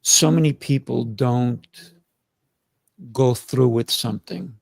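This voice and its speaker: A man's voice: medium pitch, slow pace, creaky, dry recording. A man hosting a panel talk, speaking earnestly and often repeating words as he builds his point. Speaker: host.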